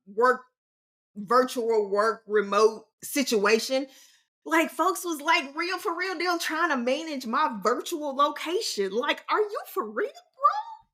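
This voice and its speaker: Bright, sassy woman in her forties. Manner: sassy and animated, big pitch swings; slangy and emphatic. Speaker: podcast host. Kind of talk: casual solo podcast talk.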